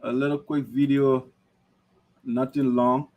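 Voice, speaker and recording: A man's voice: medium pitch, flat delivery, takes it slowly, dull audio. A man hosting an online talk show, lecturing emphatically in livestream commentary. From Liberia.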